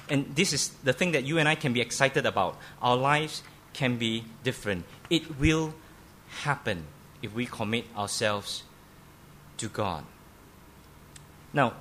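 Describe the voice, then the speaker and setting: A man's voice: medium pitch, fairly bright tone, a little hiss or hum. A man preaching a sermon as pastor in a church, emphatic, often repeating and restarting words.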